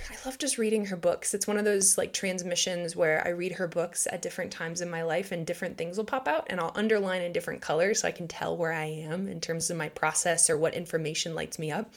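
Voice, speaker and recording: A woman hosting a podcast, talking casually and reflectively about spirituality, filling her speech with "like" and "right?" and acting out the inner voices she quotes. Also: fairly low pitch. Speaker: podcast host.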